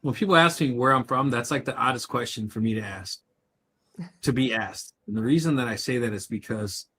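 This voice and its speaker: A man's voice: medium pitch, fairly quick, a bit bright, a little hiss or hum. A man from the United States co-hosting a livestream in casual chat, rambling and hesitant, with many fillers. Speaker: livestream co-host.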